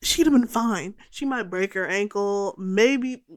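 A woman hosting a casual film recap, exasperated and sarcastic, swearing freely and jumping to high exclamations. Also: measured pace, dry recording. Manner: lively, jumps to high exclamations. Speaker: podcast host recapping a film.

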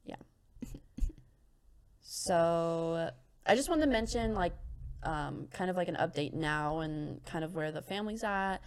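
A young woman co-hosting a casual true-crime podcast, reading quotes aloud with soft laughs and many fillers. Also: lowish voice, expressive, measured pace, pauses often, clean tone. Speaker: podcast co-host.

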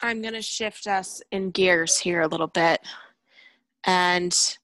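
A woman hosts a chat podcast, speaking slowly and without hurry as she puts her questions to a guest. Her voice sounds close and dry, with no room around it. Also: fairly low pitch, fairly bright tone, no room sound. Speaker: podcast host. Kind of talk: casual interview chat.

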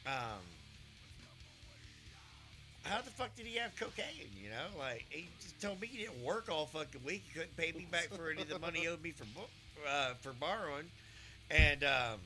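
A man hosting a podcast, retelling a story in a profane, animated way and quoting himself often. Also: fairly high pitch, brisk, faint music behind. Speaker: podcast host. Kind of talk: casual storytelling chat.

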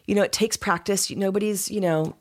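A woman pastor, a podcast guest, telling a story in casual interview chat. She is an animated storyteller who laughs often. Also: mid-range voice, a little fast.

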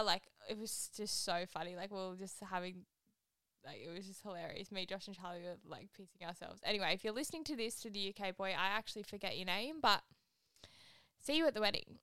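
A woman's voice: medium pitch, fairly quick, pushed and bright, smooth, dry recording. A young woman hosting a solo podcast. She chats and rambles casually, saying "like" constantly. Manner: chatty, rambling, heavy use of "like". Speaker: podcast host.

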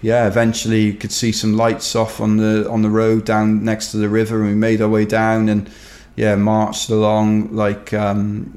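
A man's voice: fairly low pitch, darkish tone. A Welsh man telling a rambling, wry story in casual chat, dotted with "kind of" and "you know". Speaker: ultrarunner guest. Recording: roomy echo.

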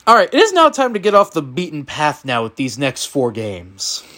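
A man hosting a casual college football picks podcast, his voice swinging lively up and down as he calls out games. He sits a little high in pitch and keeps things playful and teasing. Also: moderate pace. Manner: animated, playful, running the picks. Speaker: podcast host.

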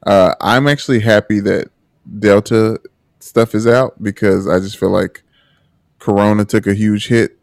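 A man's voice: on the low side, steady tone, a little slow, gravelly, no room sound, clean studio sound. A man co-hosting a casual podcast chat, talking earnestly with many restarts and repeated words. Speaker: podcast co-host.

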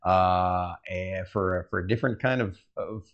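A man's voice: low voice, measured pace, muffled recording. A man hosting a casual podcast chat, rambling with many fillers and restarts. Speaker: host.

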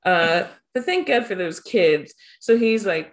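Woman podcast co-host, casual joking recap chat, average pitch. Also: animated, a little slow. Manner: chatty, joking, laughs often.

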